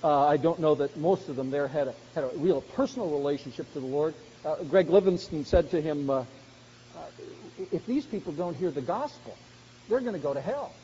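High-voiced preacher in a reverberant hall. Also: male voice, animated, a little fast, warm tone, a little hiss or hum. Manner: earnest, rising to emphatic exhortation. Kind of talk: sermon. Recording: dull sound with long hall reverb.

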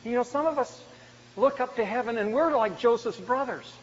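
Speaking at normal speed, a high-voiced male pastor swings between loud emphasis on key words and hushed lows in his sermon. A faint hiss and the long reverb of a church sanctuary color the dull, lo-fi recording.

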